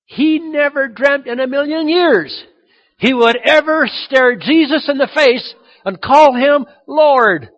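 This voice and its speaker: Male pastor, middle-aged, high voice, lively sermon delivery, dull lo-fi recording. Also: slow pace, long reverb tail. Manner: animated, acts out quoted voices. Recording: dull lo-fi sound.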